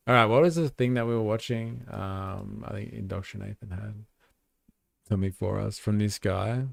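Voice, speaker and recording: A man's voice: on the low side, normal speed, vocal fry, soft background music. A man hosting a livestream, casually commenting on news clips with sarcastic, profane reactions. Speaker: livestream host.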